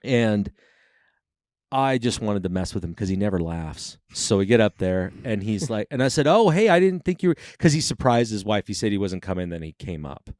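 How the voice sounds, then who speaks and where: Man in his forties, lively storyteller. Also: fairly low pitch, moderate pace, no echo, clean studio sound. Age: 40s. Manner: animated, swearing, acts out quotes. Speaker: podcast host. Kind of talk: casual chat, storytelling.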